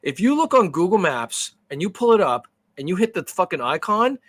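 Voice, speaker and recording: A man's voice: high-pitched, moderate pace. A man co-hosting a podcast in casual chat, telling stories with lots of energy and frequent swearing. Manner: animated storyteller, swears freely. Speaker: podcast co-host.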